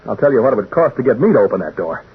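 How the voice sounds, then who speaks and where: An actor playing a nervous, chatty radio announcer who stammers and rambles, in a 1940s radio drama. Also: male voice, mid-range voice, big pitch swings, racing, a little hiss or hum. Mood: uneasy. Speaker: radio announcer in a haunted house. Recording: tinny old 1940s radio broadcast.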